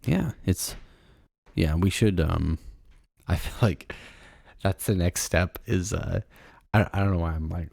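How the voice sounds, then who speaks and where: A low-pitched man with a gravelly fry in his voice chats casually on a podcast, rambling through ideas with plenty of fillers and giggles. He sounds a little tired, and the recording is close and dry with no room sound. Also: unhurried, pauses often, a little mellow, no echo. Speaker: podcast co-host. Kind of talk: casual chat.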